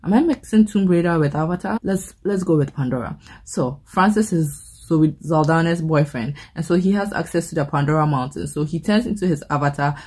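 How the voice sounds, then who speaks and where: A woman's voice: low-pitched, fairly quick, hardly any pauses, darkish tone, slightly rough. A woman reviewing perfumes in a casual, chatty vlog, rambling into playful movie comparisons and often repeating words as she restarts. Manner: frequent word repeats and restarts.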